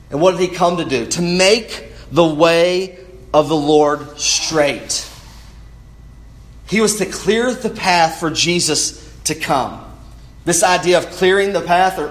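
A man preaching a sermon in an earnest way, often restarting words as he goes. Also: on the high side. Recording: roomy echo.

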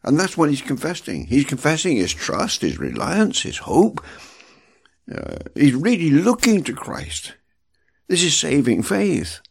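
A man's voice: measured pace, creaky, slightly rough. A man giving a devotional Bible talk as a preacher, emphatic and repeating words for stress. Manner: emphatic, repeats words, animated swings in pitch.

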